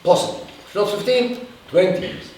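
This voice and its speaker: A man answering an audience question in a halting lecture style, with many restarts and pauses. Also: sits high, big pitch swings, a little mellow. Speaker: guest speaker. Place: event hall. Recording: echoey room from far off, faint hiss.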